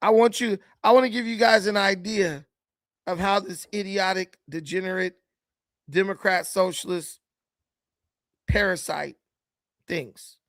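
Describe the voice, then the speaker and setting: A man's voice: high voice, fairly even intonation, a little slow, pauses often, fairly bright tone, no echo. A man hosting casual political commentary, mocking and laughing, with slangy speech and repeated words. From United States.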